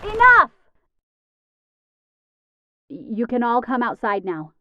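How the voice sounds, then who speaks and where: A woman's voice: medium pitch, animated, moderate pace, a bit bright, lo-fi sound, slight background noise, natural voice. A woman in a fantasy audio drama giving firm, commanding instructions.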